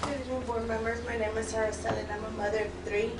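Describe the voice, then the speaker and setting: A woman's voice: on the high side, little pitch movement, very fast, background noise. A woman in her thirties, a mother from Richmond, California, speaking at a public meeting in a heartfelt, pleading way. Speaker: parent giving public comment. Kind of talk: emotional public testimony. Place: public board meeting room. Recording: echoey meeting room from far off.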